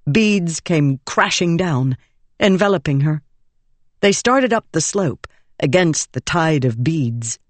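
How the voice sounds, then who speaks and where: A woman's voice: sits low, animated, takes it slowly, no room sound. Woman narrating an audiobook, close and dry. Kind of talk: scripted fantasy narration.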